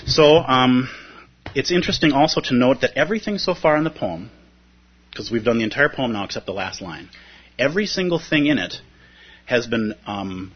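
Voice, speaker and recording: On a muffled, lo-fi recording with a little hiss or hum, a dharma teacher gives a reflective, conversational talk about a poem. His mid-range voice is very animated at a moderate pace, and he keeps checking in with listeners with a frequent "right?"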